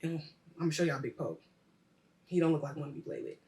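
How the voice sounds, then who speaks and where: A woman hosting a weekly show, casually reviewing a TV episode, animated and swearing freely as she acts out the scenes. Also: deep voice, fast. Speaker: host of a weekly culture show.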